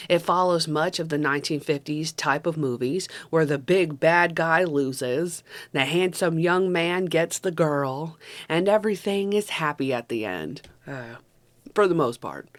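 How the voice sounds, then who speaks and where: A young woman giving a casual spoken film review, chatty and self-correcting, with fillers and the odd swear. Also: deep voice. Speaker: movie reviewer.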